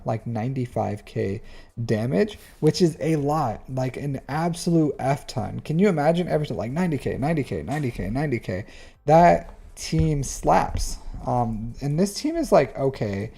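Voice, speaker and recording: A man reviewing a player's game account on a live stream, chatty and animated, with lots of fillers. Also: fairly high pitch, gravelly. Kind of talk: casual live-stream commentary.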